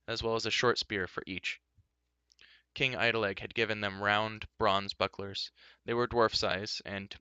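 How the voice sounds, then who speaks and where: A man's voice: smooth, no room sound, dull audio. A man reading a fantasy storybook aloud, giving the characters their own voices. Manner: shifts pitch and loudness for each character's lines. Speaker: audiobook reader.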